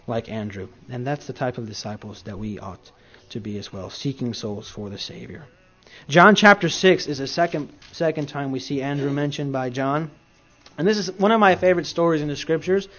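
A man preaching a sermon in a conversational storytelling way, swinging between loud and soft. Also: on the high side, dull audio.

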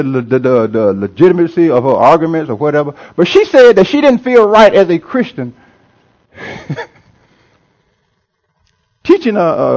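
A man preaching from the pulpit in a high, sing-song voice that swoops all over. He leans hard on his words and says key phrases twice. He chuckles often as he talks to his congregation. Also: a little mellow. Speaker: pastor. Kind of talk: sermon.

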